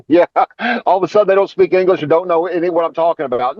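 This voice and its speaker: A man's voice: fairly high pitch, fast, no room sound, lo-fi sound. A man on a podcast telling a laid-back story about his fighting days in casual chat. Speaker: podcast guest, former fighter.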